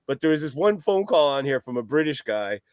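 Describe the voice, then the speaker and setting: Man, casual podcast chat, rambling, profane, laughing, slightly high voice, dry close sound. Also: very animated, brisk, clear, resonant tone, dry recording. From East Coast of the US. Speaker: podcast guest. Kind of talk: casual chat about records.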